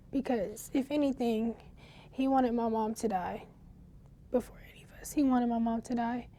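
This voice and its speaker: A teenage girl in an interview, telling of a traumatic night in a halting, shaken way, with pauses and restarts. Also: high voice, dark tone. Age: teens. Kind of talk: recounting a personal ordeal in an interview.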